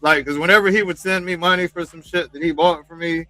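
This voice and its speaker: Brief: man with a bright, forceful tone, rambling swearing co-host, dry sound, faint music. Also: fairly high pitch, fairly even intonation, fast talker, dry recording, poor audio. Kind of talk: casual livestream chat.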